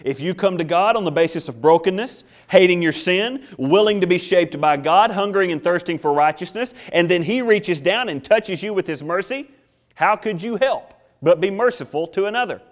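A man's voice: high voice, lively intonation, normal speed. A male pastor preaching a sermon with an emphatic, repetitive cadence.

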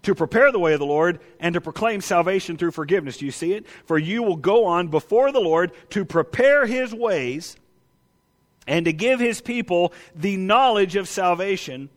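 A male pastor delivers a sermon with a voice pitched notably high for a man. He drives his argument with emphatic repetition and rhetorical questions, reading scripture aloud between points. The sound carries a long reverb, as in a church sanctuary.

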